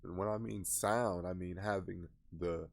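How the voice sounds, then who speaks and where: A man with a deep, gravelly voice gives casual reaction commentary on a trailer. He sounds scoffing and exasperated. The talk is loose and unscripted. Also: fairly even intonation, unhurried.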